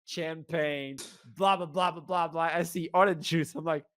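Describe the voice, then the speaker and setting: A young man with a Portuguese accent, an esports caster guesting on a podcast, telling an animated story with laughs and sudden shouts. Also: a little high, normal speed. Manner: animated, acts out scenes, laughs often, bursts into shouts.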